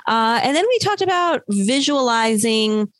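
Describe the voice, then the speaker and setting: A woman's voice: on the high side, expressive, unhurried, dry recording. A woman co-hosting a podcast, explaining ideas thoughtfully in casual chat. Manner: thoughtful, explaining, many fillers. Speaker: podcast co-host.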